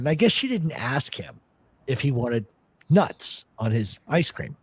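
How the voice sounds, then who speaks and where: Unhurried and slightly rough, his mid-range voice swings widely in pitch with no echo. The man hosts a radio talk show, telling stories in casual chat and arguing bluntly with plenty of profanity.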